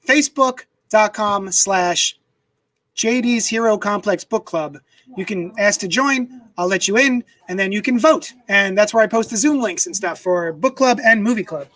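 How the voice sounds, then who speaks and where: A man's voice: high voice, a bit bright, no room sound, rough recording. A man casually chatting on a live stream from his home desk, rambling and reading viewer comments aloud into a desk microphone. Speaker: comics unboxing streamer.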